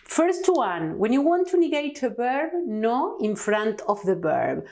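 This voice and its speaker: A woman who is a native Spanish speaker, teaching a Spanish grammar lesson in English with deliberate, repeated example phrases. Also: fairly high pitch, very animated, a little mellow. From Argentina. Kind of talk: language lesson.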